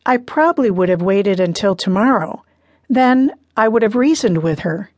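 A woman reading as a gentle, reasoning mother. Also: medium pitch, lively intonation, normal speed, no room sound, natural voice. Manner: soft, reasoning. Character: gentle conciliatory middle-aged mother. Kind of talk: audiobook character reading.

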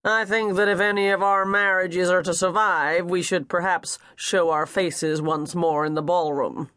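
Guy putting on a gruff rich old dad, growly and blunt, dry close sound. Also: high voice, fairly even intonation, a little slow, pushed and bright, no room sound. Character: gruff rich older American father, blunt.

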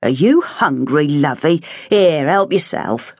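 A woman's voice: low voice, lively intonation, slow pace, breathy edge, dry recording, exaggerated voice. A woman voicing a plump, kind-hearted, motherly woman who fusses over a child in a homely way. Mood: kindly. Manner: warm-hearted, homely, fussing.

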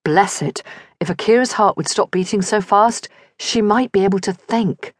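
A woman's voice: medium pitch, normal speed, no room sound. A woman narrating a romance audiobook in vivid scripted storytelling on a close studio mic.

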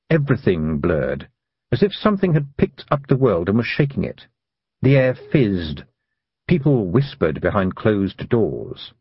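A man narrating an audiobook for young readers in a lively, expressive reading style. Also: on the low side, breathy edge, dry recording, dull audio. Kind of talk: scripted storybook narration.

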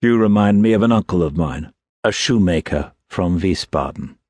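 A man's voice: deep voice, animated, moderate pace, darkish tone, no room sound. A man voicing a guarded young prisoner.

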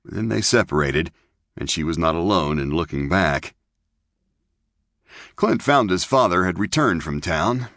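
A man narrating a western novel as an audiobook, in measured storytelling. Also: sits low, fairly bright tone, no room sound, studio quality. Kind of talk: scripted narration.

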